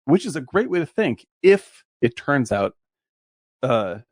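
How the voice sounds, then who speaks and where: A man co-hosting a casual movie podcast, excitable, laughing often and swearing as he talks. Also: mid-range voice, a little slow, no room sound, clean studio sound. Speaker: podcast co-host.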